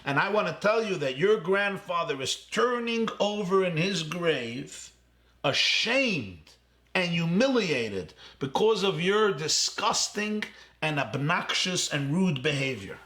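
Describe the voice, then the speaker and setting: A man's voice: fairly high pitch, moderate pace, pushed and bright. A man voicing an angry ninety-one-year-old man who berates a banker on the phone. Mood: accusing. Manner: berating, accusing, bitter.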